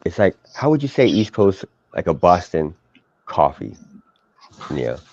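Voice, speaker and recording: A man with a deep voice chats in loose, profane banter, stumbling through restarts and fillers. The sound is dry and muffled, like cheap stream audio. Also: very animated, measured pace, a little mellow, no echo. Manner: rambling, profane, many restarts. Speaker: live stream co-host. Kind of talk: casual crude banter.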